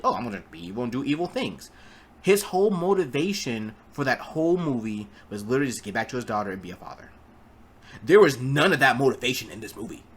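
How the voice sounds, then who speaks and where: A man's voice: fairly high pitch, slightly rough. A man giving a casual spoken film review, rambling with stumbling restarts and blunt, profane remarks. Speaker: movie reviewer.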